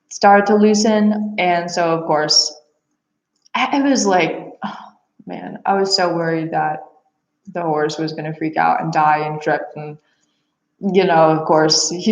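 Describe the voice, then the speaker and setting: A young woman telling a personal story casually, animated, with frequent laughs and fillers. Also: lowish voice. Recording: echoey room, dull lo-fi sound.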